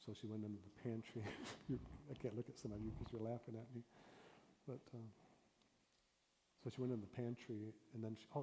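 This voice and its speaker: A man's voice: fairly low pitch, brisk. Man teaching in a reverberant hall. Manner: animated, swings between loud and hushed delivery. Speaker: pastor teaching storytelling. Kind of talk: workshop teaching. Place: church hall. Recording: reverberant hall with faint room noise.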